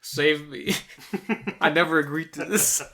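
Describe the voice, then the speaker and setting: A man's voice: on the high side, steady tone, unhurried, bright, forceful tone. A man co-hosting a casual gaming podcast, sarcastic and swearing casually. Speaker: podcast co-host.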